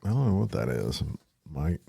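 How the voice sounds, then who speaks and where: A man's voice: rumbling low, big pitch swings, brisk, vocal fry, dark tone, breathy edge. A man co-hosting a crime podcast, throwing in joking, teasing remarks in casual banter. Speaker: podcast co-host.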